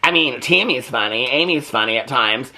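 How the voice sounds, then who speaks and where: A man's voice: medium pitch, animated, brisk, creaky, sharp tone. A man hosting a chatty, opinionated recap of a reality TV show, full of "like" fillers. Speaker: TV recap host. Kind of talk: casual reality TV commentary.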